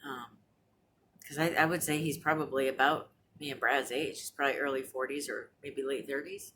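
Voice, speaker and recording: A woman's voice: very deep voice, fairly even intonation, moderate pace, a bit bright, slight background noise. A woman around forty chatting casually at home for her vlog, rambling with lots of fillers and restarts. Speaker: vlogger. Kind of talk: casual chat. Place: apartment.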